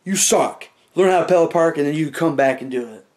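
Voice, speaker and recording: A man's voice: on the high side, fast, darkish tone, natural voice. A man voicing a blunt, harsh male driving examiner in a comic story, speaking in curt, scolding bursts.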